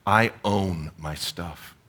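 A middle-aged man from Canada preaches a sermon in a warm-paced, conversational manner. His voice sits on the lower side, and he speaks earnestly, slipping into storytelling asides. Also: drawn-out words. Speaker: pastor.

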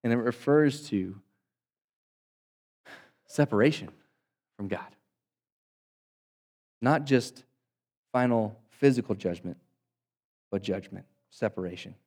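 A male pastor preaching a sermon to his congregation, swinging between loud emphatic bursts and quiet, low asides. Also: slow, pauses often. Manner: dynamic preaching, rising loud for emphasis and dropping soft; addresses congregation as guys.

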